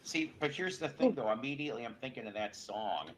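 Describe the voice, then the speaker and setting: A man's voice: mid-range voice, very animated, brisk, slight background noise. A man co-hosting a comedy podcast, bantering playfully and slipping into mock announcer voices. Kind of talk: joking banter.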